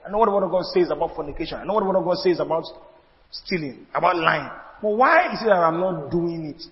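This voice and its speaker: A man's voice: fairly high pitch, lively intonation, quick pace. A man preaching a sermon as pastor, repeating phrases and building emphasis. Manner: preaching with rising emphasis and repetition. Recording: dull audio in a reverberant hall.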